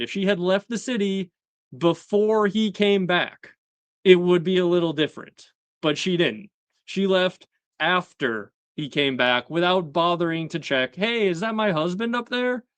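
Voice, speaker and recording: A young man chatting casually on a live stream, his voice smooth and clear and a little high for a man. The sound is dry and close, with no room heard, and he keeps laughing and putting on quick voices for characters. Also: no room sound. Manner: animated, laughing, acts out characters' lines. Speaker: host.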